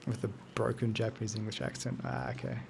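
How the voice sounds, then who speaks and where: A man's voice: mid-range voice, flat delivery, quick pace, vocal fry, background noise. A man in his thirties chatting casually while streaming a game, loose and joking, answering his chat. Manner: loose, joking, sweary, talks to chat between game moments.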